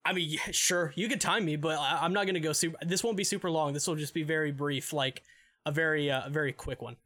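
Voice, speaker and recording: High-voiced rambling podcast man. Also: fairly even intonation, fast, sharp tone. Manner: rambling, swears a lot, laughs mid-sentence. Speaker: podcast co-host. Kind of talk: casual profane movie recap.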